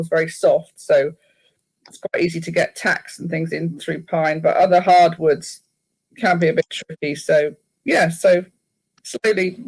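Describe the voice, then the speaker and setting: A woman guest chatting in an interview, telling lively stories and laughing often. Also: low-pitched, rough recording.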